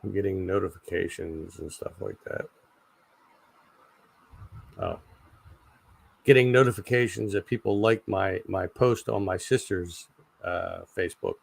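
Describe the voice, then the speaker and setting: A man in his forties hosting a casual livestream chat, rambling and halting with lots of fillers and repeated words. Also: low voice, vocal fry, slightly rough, no room sound. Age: 40s. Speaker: channel host.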